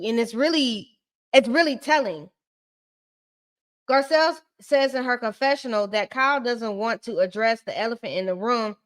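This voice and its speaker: A woman's voice: on the high side, fairly bright tone. A woman giving blunt, sassy, slang-filled casual commentary while recapping a reality TV show.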